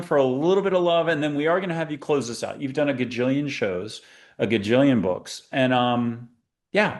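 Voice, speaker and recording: A man hosting a spiritual talk show, chatting playfully and rambling as he leads listeners through a guided exercise. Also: mid-range voice. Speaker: podcast host. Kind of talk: casual guided meditation chat.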